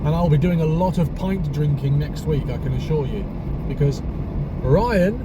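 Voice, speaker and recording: A man's voice: fairly high pitch, moderate pace. A man chatting casually in a travel vlog, musing aloud as he drives along a coastal road and stops at viewpoints. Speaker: travel vlogger. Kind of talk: casual vlog while driving. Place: in a car and outdoors on a coastal road. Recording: heavy road noise, mic distant.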